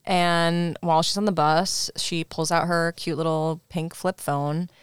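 A woman's voice: on the low side, steady tone, a little slow, clean tone, no echo. Chatty young woman recapping a movie. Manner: chatty, heavy use of "like", acts out quotes. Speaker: podcast co-host. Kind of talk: casual movie recap chat.

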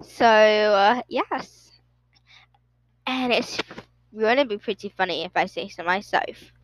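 A woman's voice: medium pitch, slow, a little hiss or hum, rough recording. A young woman hosting a casual solo podcast, rambling with lots of fillers and giggles. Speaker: podcast host.

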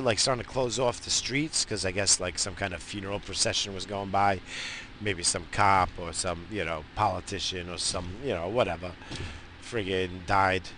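Profane rambling man with a bright voice. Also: sits low, slight background noise. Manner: profane, rambling, animated rants. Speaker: vlogger. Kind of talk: rambling stoned casual chat. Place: in a parked car.

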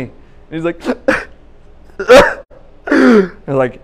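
A man's voice: fairly high pitch, measured pace, long pauses. A young man preaching a conversational sermon, telling a personal story with lots of laughter and restarts. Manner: animated, laughs at his own story, many restarts.

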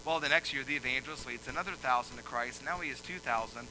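A male pastor preaching a sermon, moving from quiet explaining to loud, emphatic preaching. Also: medium pitch, quick pace, background noise.

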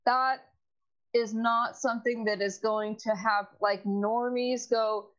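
A woman co-hosting a casual political chat, talking in a measured, hesitant way and scolding her live chat. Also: fairly high pitch, steady tone, a bit bright. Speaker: podcast co-host. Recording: dull, lo-fi mic.

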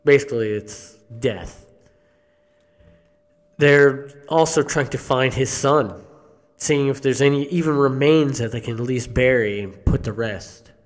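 A man telling a horror story live on a theater stage, slow and halting, with restarts and the odd cough. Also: medium pitch. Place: theater stage before an audience.

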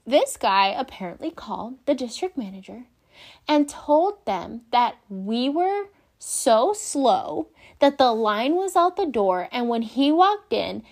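A young woman, a former shift supervisor, telling work stories in a casual, animated way, swearing freely and acting out the people involved. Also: a little high. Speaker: vlogger, former coffee shop shift supervisor. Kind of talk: casual storytelling rant.

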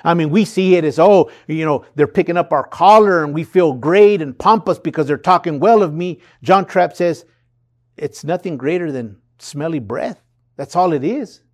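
A man's voice: fairly high pitch, moderate pace, hardly any pauses. A man preaching a sermon in an earnest, conversational way, reading and explaining scripture. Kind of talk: sermon podcast.

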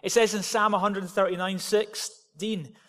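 A man preaches from the front of a church, hammering his points home in short, repeated declarations. His voice sits high for a man. The sound rings with the long reverb of a large hall. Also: flat delivery, unhurried, a bit bright. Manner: emphatic, repetitive declarations. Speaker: pastor. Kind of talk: sermon.

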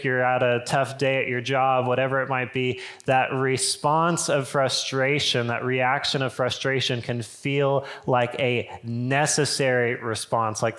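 Young man, pastor, relaxed conversational sermon, storytelling asides, mid-pitched voice. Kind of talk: casual sermon.

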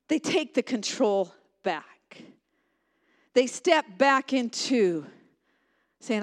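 A woman preaching a sermon with passion, swinging from loud emphatic lines to hushed ones and repeating phrases for emphasis. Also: a little high, a little slow.

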